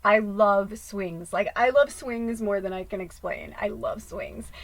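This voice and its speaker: A woman's voice: mid-range voice, unhurried, rough recording. A woman hosting her own video, chatting casually to camera at home in a rambling, laughing way with some swearing. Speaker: spiritual channel host.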